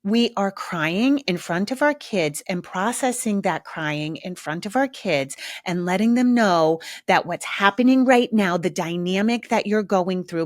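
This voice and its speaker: A middle-aged woman hosting her own podcast, talking frankly and casually, with lots of asides and slow, emphatic stretches. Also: medium pitch, no room sound, clean studio sound. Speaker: podcast host. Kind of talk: casual solo podcast talk.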